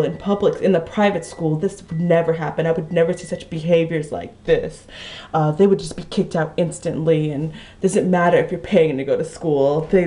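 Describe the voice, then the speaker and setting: A woman's voice: low-pitched, darkish tone. A young woman with a Kentucky accent telling a rambling story to her vlog, full of restarts and "like.". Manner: rambling, many restarts, lots of "like". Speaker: vlogger.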